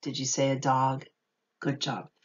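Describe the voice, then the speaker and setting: A woman's voice: rumbling low, completely flat delivery, measured pace, highs cut off. A woman teacher reading a picture book aloud to children, patiently asking them questions and praising their answers.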